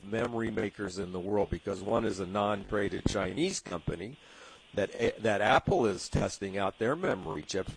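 A man's voice: on the low side, gravelly, a little hiss or hum, poor audio. A man from Southern California with a San Diego accent, hosting a talk radio show in a rambling way, full of fillers and restarts. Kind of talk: casual radio commentary.

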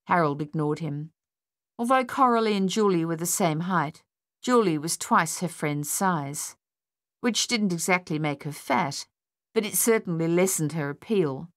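A woman narrating an audiobook in a steady storytelling manner. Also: on the low side, measured pace, no echo, studio quality.

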